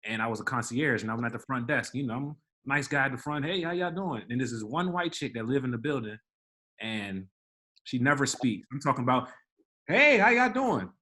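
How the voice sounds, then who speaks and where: Animated young man telling a story. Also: mid-range voice, fairly quick. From Washington DC area, Maryland. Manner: animated storyteller, acts out quoted voices. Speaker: podcast co-host. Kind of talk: casual storytelling chat.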